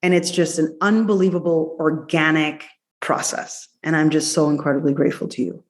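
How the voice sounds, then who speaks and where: Low-voiced lady doctor guest, gushing and playful, speeds up and slows down. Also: fairly even intonation. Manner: effusive, playful, swings between quick and drawn-out phrases. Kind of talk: casual interview chat.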